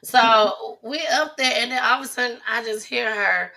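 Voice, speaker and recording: A woman hosting a casual talk show, telling stories animatedly and bursting into loud, high impressions. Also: normal speed, creaky. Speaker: host. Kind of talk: casual chat.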